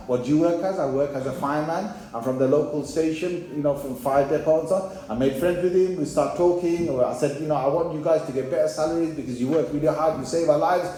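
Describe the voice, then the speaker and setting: A man's voice: a little high, dark tone. A man preaching a sermon, telling a story and acting out the voices of the people in it, speaking straight to young men in the audience. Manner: storytelling, acts out quoted voices, addresses young men directly. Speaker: Islamic preacher. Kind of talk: sermon with anecdote. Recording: very echoey hall with faint noise.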